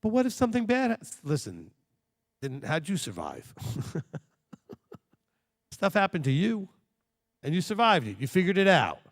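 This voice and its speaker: Animated, gravelly man teaching. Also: high voice, normal speed, pauses often. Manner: animated and jokey, with mocking quoted voices. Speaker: teacher at a Torah study. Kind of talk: lively sermon-style teaching.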